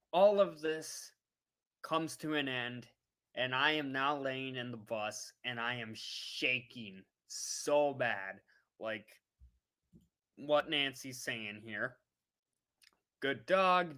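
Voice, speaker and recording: A woman vlogger telling a travel story in a casual livestream, animated and laughing as she talks to her viewers. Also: deep voice.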